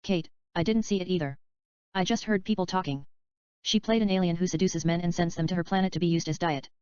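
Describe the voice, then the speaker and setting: A teasing, provocative actress, read aloud by a woman pokes at her partner. The voice is smooth and a little low, read plainly. The recording is dry and close, with a dull, slightly lo-fi sound. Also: quick pace, a little mellow, no echo, close to an everyday voice.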